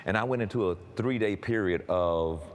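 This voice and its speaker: A man preaching a personal testimony, swinging from quiet storytelling to shouted emphasis and often stammering repeated words. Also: on the low side, moderate pace. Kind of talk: sermon testimony.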